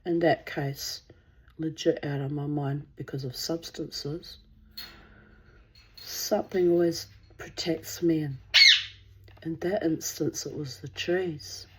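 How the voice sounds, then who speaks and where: A woman's voice: sits low, fairly even intonation, takes it slowly, pauses often, background noise. A woman telling a personal story in a candid, rambling way, swearing freely. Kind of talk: casual spoken storytelling.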